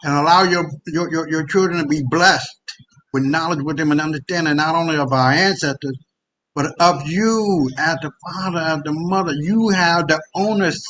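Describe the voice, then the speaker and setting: A man's voice: on the high side, bright, forceful tone, slight background noise, rough recording. A man on a discussion panel urging parents in an emphatic, profane way. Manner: emphatic and profane, repeats words as he builds. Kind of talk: impassioned exhortation.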